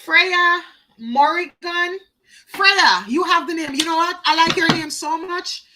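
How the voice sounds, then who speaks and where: A woman's voice: very high voice, unhurried, pushed and bright, rough recording. A woman doing a live oracle card reading, chatty, talking to viewers by name and repeating phrases for emphasis.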